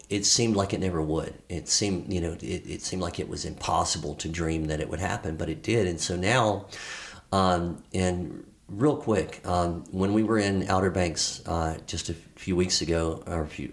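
A middle-aged man speaks as a podcast guest in a deep, low-pitched voice. He tells his story candidly and earnestly. He halts often, restarting his sentences and filling the gaps with fillers.

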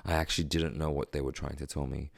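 A man telling a personal story in a quiet, halting, reflective way, with many pauses and fillers. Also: very deep voice, level tone, gravelly, no room sound, clean studio sound.

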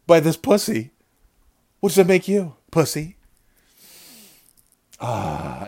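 A man telling a comic story in a lively, mocking manner, swearing often. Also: mid-range voice. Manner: animated, swears a lot, mocking. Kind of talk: profane comedic storytelling.

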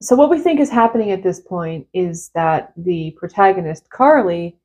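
A woman co-hosting a podcast, casually and calmly adding details in the conversation. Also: lowish voice, moderate pace. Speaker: podcast co-host reviewing films. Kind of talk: casual chat.

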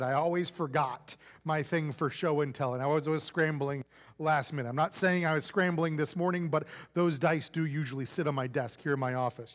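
High-voiced playful male pastor. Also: big-room sound. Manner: conversational, playful, acts out quoted voices. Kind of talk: sermon.

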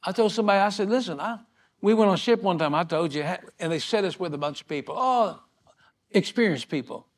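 Folksy older male pastor, fairly high voice. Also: lively intonation, fast talker. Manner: folksy, repetitive, chuckling storyteller. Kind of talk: sermon with storytelling.

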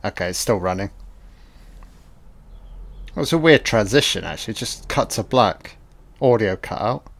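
A man giving a casual, profane audio commentary on a film, reacting excitedly as he watches. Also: fairly low pitch, normal speed, gravelly, long pauses, dry recording.

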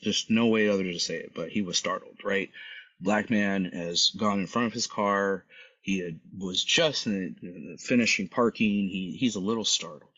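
A husky man with a low-pitched voice tells a story as host of his podcast, talking casually and with energy. He keeps checking in with "right?" and jumps up in pitch when he acts out other people. The recording sounds dull and lo-fi. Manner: animated, acts out quoted people in a raised voice, tags lines with "right?".

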